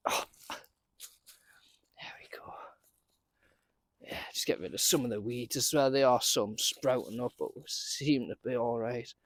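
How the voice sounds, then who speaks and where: A man's voice: mid-range voice, moderate pace, few pauses. Chatty man gardening outdoors. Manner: chatty, talks to himself, laughs often. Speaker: allotment gardener vlogger. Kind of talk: casual running commentary while working.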